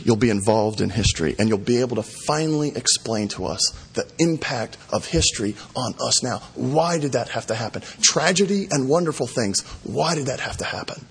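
A man preaching a sermon, animated, acting out sarcastic taunts in the passage he explains. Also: mid-range voice, husky, big-room sound. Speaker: pastor.

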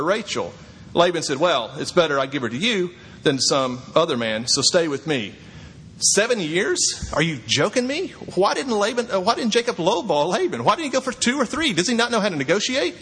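A middle-aged man preaching a sermon as a pastor, swinging from quiet asides to high, incredulous exclamations. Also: slightly rough. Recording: long hall reverb, faint ambience.

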